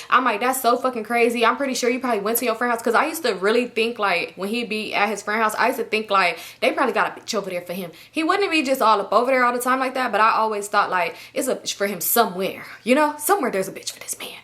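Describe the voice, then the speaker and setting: Bright-voiced young woman telling a story. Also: medium pitch, brisk. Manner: animated, profane, acts out her own past texts and thoughts. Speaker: storytime vlogger. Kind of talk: casual storytelling to viewers.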